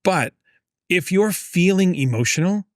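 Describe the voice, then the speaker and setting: A man co-hosting a podcast, giving speaking advice in a casual, animated way, acting out little quotes as he goes. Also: sits high, measured pace, no room sound, clean studio sound. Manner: animated storyteller, acts out quotes, lots of "like". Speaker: podcast co-host and education consultant.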